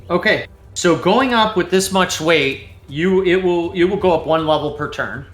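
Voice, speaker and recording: A man's voice: sits high, normal speed, a bit bright. A man narrating as game master in a loose, laid-back manner with many fillers. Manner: loose, filler-heavy, laughs easily. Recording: roomy echo, faint music behind.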